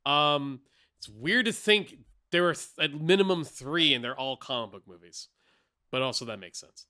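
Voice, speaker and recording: A man co-hosting a podcast, talking in casual chat with an emphatic, opinionated drive. His pitch swings widely as he makes his points, and his voice has a bright, sharp edge. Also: lively intonation, moderate pace. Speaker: podcast co-host.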